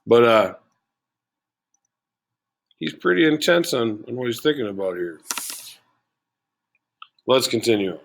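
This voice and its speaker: Guy casually explaining shakespeare, says "you know" a lot, normal pitch. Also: sing-song, takes it slowly, gravelly, long pauses, a little hiss or hum. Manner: chatty, lots of fillers like "you know" and "uh". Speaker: teacher.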